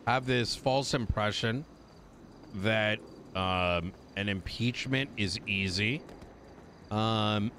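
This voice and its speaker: A man's voice: lowish voice, sharp tone, a little hiss or hum. A man streaming, casually explaining things to his chat with many fillers.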